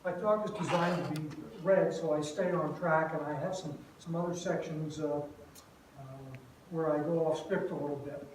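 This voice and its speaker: A retired older man speaks to a student audience in a very echoey hall, heard from a distance. His voice sits a little high for a man, and he keeps it relaxed and self-deprecating, with plenty of uhs between thoughts. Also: moderate pace, background noise. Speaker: guest speaker. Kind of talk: lecture to a campus group. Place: large echoey room. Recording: echoey room, far from mic.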